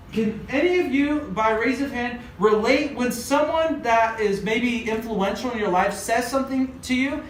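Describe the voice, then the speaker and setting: A high-pitched man preaches to a youth group in a loose, chatty way, full of fillers as he retells scripture. The mic is far from him in a very echoey church room, with a faint hiss underneath. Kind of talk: casual youth sermon.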